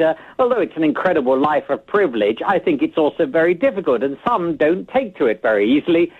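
A male correspondent speaks down a tinny phone line, in a slightly husky, higher-pitched voice. He gives measured, thoughtful analysis, pausing often to search for words. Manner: measured, thoughtful, many hesitations. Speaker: foreign correspondent.

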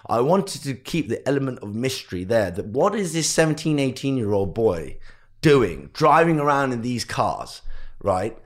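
Speaking at a moderate pace in a mid-range voice, a young guest entrepreneur shares his life story in a podcast interview. He tells it with animation, acting out the words of his parents and teachers.

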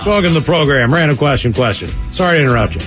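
A man's voice: a little high, animated, rapid-fire, music in the background. A man hosting a radio talk show, joking and rambling with restarts. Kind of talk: casual radio banter.

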